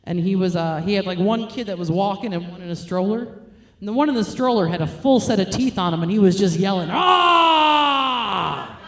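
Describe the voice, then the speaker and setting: A woman's voice: mid-range voice, quick pace, mellow, roomy sound. A young woman from New York, a stand-up comedian, telling crude, self-mocking jokes.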